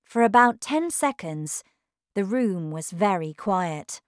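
Slow, careful woman storyteller. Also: mid-range voice, animated, no echo, clean studio sound. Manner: careful, clearly paced reading. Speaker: narrator. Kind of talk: slow storybook reading for learners.

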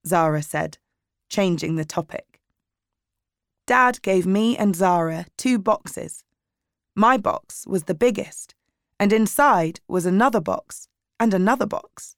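A woman narrates a chapter book in a measured, clear way. Her pace is slow, her voice is a little low, and the sound is dry and close. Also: expressive, no room sound. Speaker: audiobook reader. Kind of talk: scripted narration of a graded reader.

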